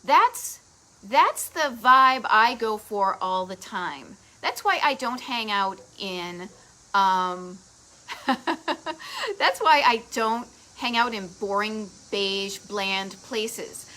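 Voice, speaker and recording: A woman's voice: mid-range voice, animated, sharp tone, poor audio. Bubbly Boston-accented woman host. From Massachusetts. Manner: bubbly, chatty, quick asides to viewers. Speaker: host of a live travel show. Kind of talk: casual live-stream chat.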